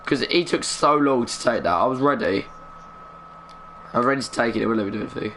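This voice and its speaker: Muttering through live gameplay commentary, this young male streamer talks fast at a medium pitch while keeping his voice down. He stays chatty and gets excited at big moments, with slight background noise behind him.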